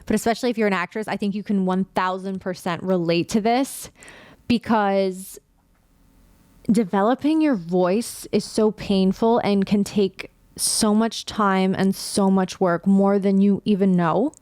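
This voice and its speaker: A woman's voice: mid-range voice, a little slow, darkish tone, clean tone, dry recording, studio quality. A woman in her late twenties or thirties hosting a casual solo podcast, talking candidly and with feeling and swearing freely. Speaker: podcast host.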